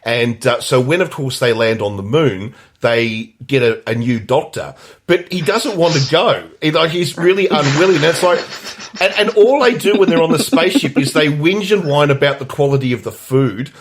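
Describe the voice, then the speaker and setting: Lively, rambling man reviewing a movie. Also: a little high, moderate pace. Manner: rambling, hesitant, lots of fillers and restarts. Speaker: podcast co-host. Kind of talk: casual movie review chat.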